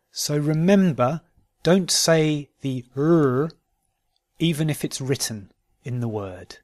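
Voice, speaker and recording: A man with a British accent teaching pronunciation, reading word lists one word at a time in a deliberate drilling manner. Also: fairly high pitch, darkish tone. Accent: British English. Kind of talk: pronunciation lesson.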